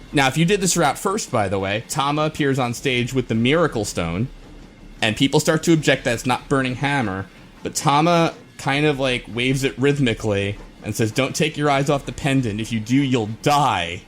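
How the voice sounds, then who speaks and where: A man at a middling pitch co-hosts a podcast. He gives a loose, rambling recap from his notes. He keeps breaking into small chuckles. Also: normal speed. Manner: rambling, with many fillers and restarts and frequent chuckles. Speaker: podcast co-host.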